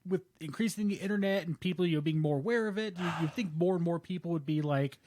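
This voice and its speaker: A man with a fairly high voice chats as a podcast guest, dropping in short, wry remarks. The recording is dry and close. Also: quick pace, hardly any pauses, darkish tone, no room sound. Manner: chimes in with short wry quips. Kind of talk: casual chat.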